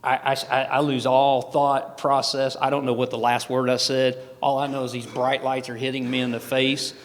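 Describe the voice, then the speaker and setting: A man shares a folksy personal testimony as a guest speaker, with many restarts, his words trailing into the long reverb of a large event hall. His medium-pitched voice shows little pitch movement and a moderate pace.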